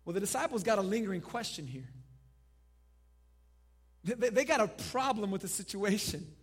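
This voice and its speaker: A male pastor preaching a sermon, dropping to a hush and then rising loud, and leading the congregation in call and response. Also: sits high, expressive, moderate pace, slightly rough. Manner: dynamic preaching, swinging from hushed to loud.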